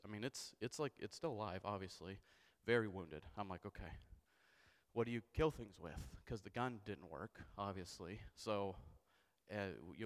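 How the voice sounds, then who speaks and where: A young man preaching a sermon, telling a comic story with animated, self-mocking delivery and frequent asides of "okay?". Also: fairly low pitch. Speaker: pastor. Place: church sanctuary. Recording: long church hall reverb.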